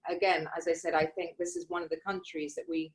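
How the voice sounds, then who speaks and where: A woman's voice: on the low side, fairly even intonation, quick pace. A woman co-hosting a podcast, speaking in an outspoken, emphatic way, with sarcasm at times, in casual conversation. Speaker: podcast co-host.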